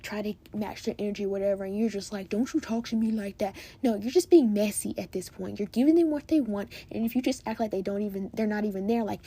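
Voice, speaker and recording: Teen girl podcast host rambling advice, kinda husky and mellow, says like a lot. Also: mid-range voice. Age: teens. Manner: chatty, emphatic, lots of "like" and "you guys". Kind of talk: casual advice chat.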